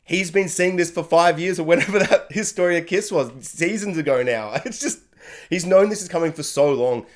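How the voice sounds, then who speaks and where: A man giving an animated, excited spoken review, often acting out characters' lines. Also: normal speed. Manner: animated, acts out character lines with sudden high yelps. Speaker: anime reviewer.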